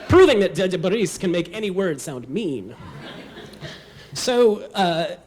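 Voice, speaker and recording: A man's voice: sits high, sing-song, measured pace, darkish tone. A man telling a personal story at a live storytelling show, wry, comic and self-deprecating.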